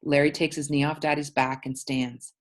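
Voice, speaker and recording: Woman teacher, very deep voice, reads a novel aloud and explains words as she goes. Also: little pitch movement, normal speed. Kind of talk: reading a novel aloud to a class.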